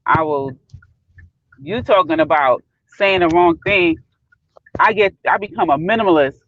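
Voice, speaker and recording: A woman from Brooklyn on a live talk panel, expressive and acting out her quotes in casual chat. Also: lowish voice, a little slow, dry recording, phone-quality sound. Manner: expressive, acts out quotes, laughs easily.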